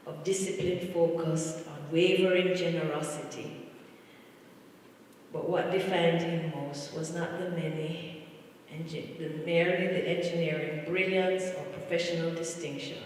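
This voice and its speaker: Slow, solemn man in an echoey church. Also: on the high side, far from the mic, a little hiss or hum. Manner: measured, solemn delivery with repeated phrases. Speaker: family member giving a eulogy. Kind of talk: funeral eulogy. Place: large church.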